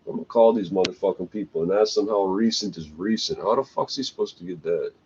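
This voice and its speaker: A man with a deep, slightly mellow voice goes on a fast, agitated, profane, rambling rant, tacking "eh?" onto the ends of lines. The recording is dull and lo-fi with faint noise.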